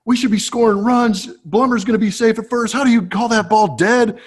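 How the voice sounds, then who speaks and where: A man voicing an angry male baseball manager, indignant and shouting his protests. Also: high-pitched, lively intonation, normal speed, voice pushed up. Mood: furious.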